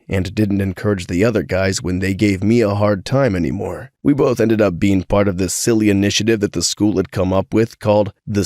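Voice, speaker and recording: A man narrating first-person stories as a story reader, sounding a bit sick with a cold and keeping a steady reading pace. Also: low-pitched, no room sound, studio quality.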